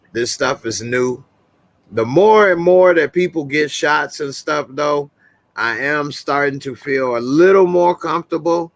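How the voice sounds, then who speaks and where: Bright-voiced man telling stories on a stream. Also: medium pitch, no echo. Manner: loose storytelling with slang and frequent laughs. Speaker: host of a live talk stream. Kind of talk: casual live-stream chat.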